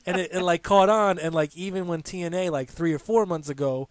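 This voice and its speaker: A young man co-hosting a casual gaming video, telling stories excitedly and saying "like" a lot. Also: sits high, fairly quick, dry recording. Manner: excitable storyteller, heavy "like" filler. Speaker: let's-play co-host.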